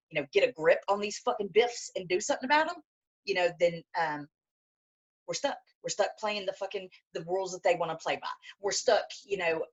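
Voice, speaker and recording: A woman in casual podcast talk with a lowish voice, blunt and heated, swearing freely. The recording sounds muffled and lo-fi. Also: fairly bright tone. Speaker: podcast co-host. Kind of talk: casual conversation.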